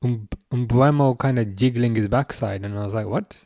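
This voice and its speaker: A man's voice: mid-range voice, moderate pace, warm tone, dry recording. A young man hosting a live stream, reading viewer chat aloud and answering in a chatty, self-correcting way. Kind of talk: casual live chat commentary.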